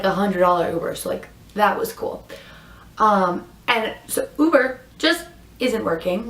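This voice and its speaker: A young woman telling a story on her vlog in a casual, animated way, swearing often and acting out what other people said. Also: mid-range voice, reverberant. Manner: animated, profane, acts out others' lines in quotes. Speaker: vlogger.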